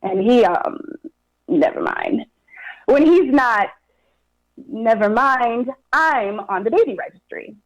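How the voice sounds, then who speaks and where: A woman's voice: a little high, lively intonation, slow pace, pauses often, poor audio. A young adult woman performing a personal story with wry sarcasm and dramatic repetition.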